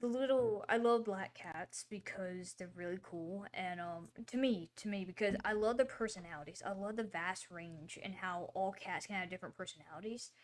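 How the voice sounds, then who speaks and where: A woman's voice: mid-range voice, normal speed, hardly any pauses. A woman hosting a casual livestream, talking in a rambling, chatty way with lots of fillers and apologies. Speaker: livestream host.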